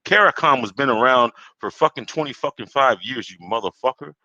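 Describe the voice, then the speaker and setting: A man's voice: mid-range voice, lively intonation, brisk, bright, forceful tone, dry recording. Heated, swearing Caribbean-born podcast man. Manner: heated, swearing, rambling with repeats. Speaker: podcast host. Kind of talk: profane solo rant. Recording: dull lo-fi dry recording.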